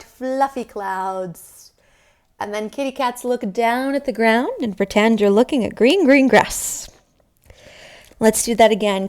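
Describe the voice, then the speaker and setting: A young woman teaching yoga to young children in a sing-song, encouraging way. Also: on the high side. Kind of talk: leading a kids' yoga class.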